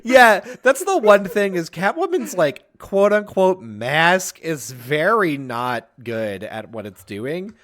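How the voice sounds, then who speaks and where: Animated male co-host, lively high-ish voice, loose and profane. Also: slow, hardly any pauses. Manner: animated, swears freely. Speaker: podcast co-host. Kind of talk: casual film discussion.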